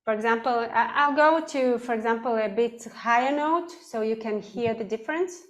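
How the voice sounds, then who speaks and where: A woman teaching vocal technique in an online class, explaining slowly and singing sample words. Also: on the high side. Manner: slow, demonstrative, sings sample words.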